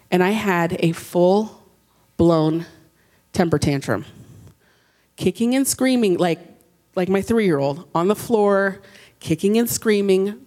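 A woman in her thirties giving a personal faith testimony at a women's gathering, candid and animated, with self-mocking humor. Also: mid-range voice.

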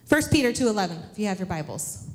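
A chatty woman in her thirties, speaking to a church class at an even middle pitch. She jokes about herself and keeps asking the room questions. Her voice carries a long reverb from a large hall. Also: fast. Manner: chatty, humorous, self-deprecating, asks the audience questions. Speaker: women's class teacher. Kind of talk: casual storytelling talk to a church class. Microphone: handheld microphone.

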